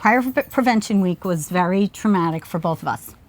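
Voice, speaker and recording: A middle-aged woman from Long Island, a podcast co-host and Reiki teacher, telling a childhood story in a casual, animated way, acting out the voices she quotes. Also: on the low side, fairly quick. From Long Island, New York. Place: outdoors at a beach before a small audience.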